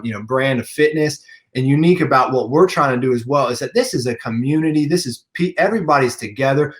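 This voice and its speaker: Encouraging male podcast host. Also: medium pitch. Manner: friendly, encouraging, uses many fillers. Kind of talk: casual interview.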